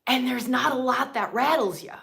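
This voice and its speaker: A woman's voice: high-pitched, moderate pace, creaky. Woman teaching in swinging whispers and bursts. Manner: swings between loud emphatic lines and hushed whispers; repetitive, profane and emphatic. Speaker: spiritual teacher hosting a live session. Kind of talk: impassioned spiritual teaching on a livestream.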